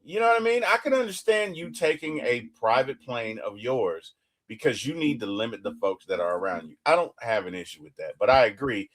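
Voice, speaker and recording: A man's voice: mid-range voice, animated, a little fast, fairly bright tone. A man co-hosting a TV reaction show, talking in a casual, emphatic way and often repeating words as he restarts.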